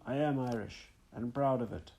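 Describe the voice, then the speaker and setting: A proud, forthright spirit mother speaks fondly to her daughter, read by a man. The voice is gravelly and mid-pitched, as in a plain audiobook reading. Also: moderate pace, mellow, lightly acted.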